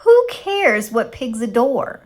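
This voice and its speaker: A woman's voice: on the high side, big pitch swings, takes it slowly, a little mellow, voice pushed up, heavily acted. A woman voicing a stern, practical, no-nonsense woman who speaks curtly and emphatically. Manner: curt, emphatic and scolding.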